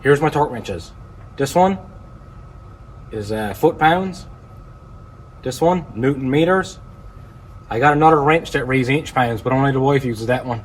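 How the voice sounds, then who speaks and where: A plain-spoken man with a Newfoundland accent, chatting easily about his car projects in a vlog. His dry humour comes through in a voice of ordinary pitch, with faint ambient and vehicle noise behind him. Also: unhurried, pauses often, rough recording. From Newfoundland, Canada. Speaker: car-flipping YouTuber. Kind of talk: casual vlog talk.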